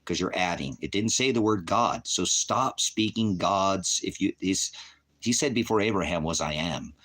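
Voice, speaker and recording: A man's voice: deep voice, normal speed. A man preaching on a livestream, profane and combative, berating commenters and repeating himself. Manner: repetitive, shifting between shouting and muttering. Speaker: online preacher. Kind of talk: livestream rant at chat.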